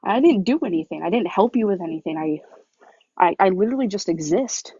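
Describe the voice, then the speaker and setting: A woman's voice: mid-range voice, expressive, brisk, warm tone, breathy edge, dry recording. Raw-voiced woman on dull lo-fi audio. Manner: raw, confessional, quotes herself often. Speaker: panel guest. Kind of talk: emotional personal sharing.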